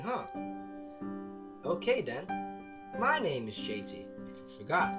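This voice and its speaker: A man's voice: fairly high pitch, huge pitch swings, slow pace, long pauses, loud music behind the voice. A man from the Philippines playing a visual novel, reading its lines aloud with playful, jokey asides. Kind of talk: let's play commentary and narration.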